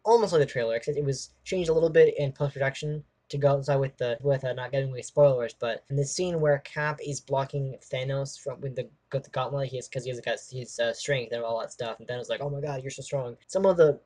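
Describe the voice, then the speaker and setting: A man reviewing a film in a loose, unscripted way, with a voice of middling pitch. He talks in an animated, rambling manner, keeps restarting his sentences, leans on "like" and breaks into laughs between points. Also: fast talker, hardly any pauses. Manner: laughs often while talking. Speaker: movie review host. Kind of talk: casual spoken movie review.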